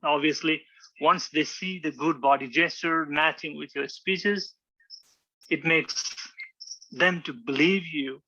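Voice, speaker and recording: Bright-voiced man teaching public speaking. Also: on the high side, slow, dull audio. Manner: demonstrative, acts out examples, frequent restarts. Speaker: public speaking club instructor. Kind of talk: informal teaching talk with slides.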